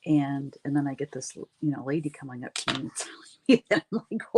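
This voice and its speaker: A woman's voice: very deep voice, expressive, brisk, noisy background. Chatty laughing woman host. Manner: chatty, laughs often, rambling storytelling. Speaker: livestream craft host. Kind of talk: casual chat with viewers while painting.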